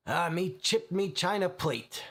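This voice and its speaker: A man voicing a huge, burly male brawler who bellows in rhyming slang, loud but grieving. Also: fairly high pitch, animated, slow. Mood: boisterous.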